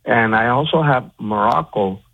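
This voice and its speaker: A man's voice: mid-range voice, moderate pace, creaky, breathy edge. A man who is under the weather, calling in eagerly to give his sports picks. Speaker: radio caller giving sports picks. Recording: tinny phone line.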